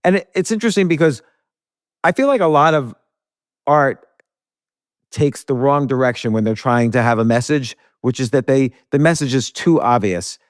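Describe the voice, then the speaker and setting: A man's voice: medium pitch, expressive, normal speed, no echo, clean studio sound. A man hosting a podcast interview, thinking aloud in long, rambling sentences with many restarts. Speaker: podcast host. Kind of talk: casual interview.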